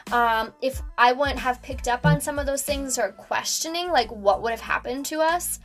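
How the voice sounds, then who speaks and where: Woman, young adult, podcast host, casual storytelling, chatty, high-ish pitch. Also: moderate pace, soft background music. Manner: animated, lots of fillers.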